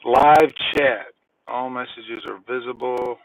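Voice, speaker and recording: A man's voice: mid-range voice, steady tone, slow, vocal fry, dry recording, low-quality recording. A man from the US South chatting casually on a live stream from his parked car, rambling and repeating himself, with casual swearing. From Mississippi, US South. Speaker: livestream host. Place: parked car by a convenience store.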